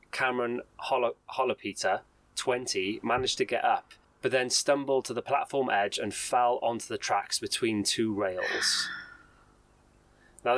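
A man in a relaxed podcast chat, retelling a dramatic news story in a mid-pitched voice. He reads out quotes and stumbles now and then over names and restarts. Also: dry recording, rough recording. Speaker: podcast co-host.

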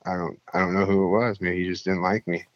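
A young man with a lowish voice tells a rambling, swear-filled story in casual chat. He gets animated and lifts his voice when he acts out what others said. The recording is dry and slightly dull. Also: quick pace, no room sound. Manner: profane, rambling, animated when quoting people.

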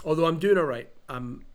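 A man's voice: fairly high pitch, unhurried, vocal fry. A Scottish man who is ill with covid, rambling and joking at his own expense in a casual podcast chat. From Scotland. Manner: self-mocking, rambling with restarts. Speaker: podcast co-host.

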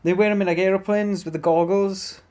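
A man chatting casually on a podcast, his voice sitting a little high. He gets animated, swears freely and restarts his sentences as ideas pile up. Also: a little fast. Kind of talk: casual chat.

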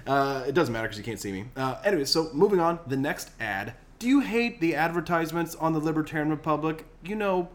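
A man's voice: on the high side, animated, quick pace, few pauses. A man hosting a podcast, talking loosely and jokingly with plenty of fillers. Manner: loose, jokey, rambling with fillers. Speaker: podcast host. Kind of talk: casual podcast chat.

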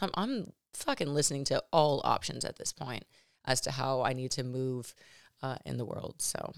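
A woman in her thirties hosting her own podcast, talking personally and emotionally in a halting way with many restarts and fillers. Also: deep voice, gravelly, no room sound, studio quality. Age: 30s. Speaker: podcast host.

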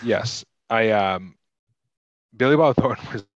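Low, chatty American man, slightly muffled. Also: slow, dry recording. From United States. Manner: chatty, self-interrupting, clears throat. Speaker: podcast co-host. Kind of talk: casual film discussion.

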